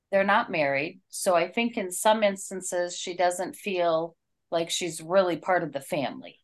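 A woman co-hosting a casual talk, retelling a story in an earnest, heartfelt way. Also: medium pitch.

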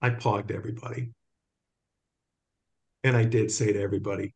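A man's voice: lowish voice, fairly even intonation, moderate pace, long pauses, a little mellow. A man leading a small spiritual fellowship group, talking earnestly and telling stories with quoted dialogue. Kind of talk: informal spiritual talk to a group.

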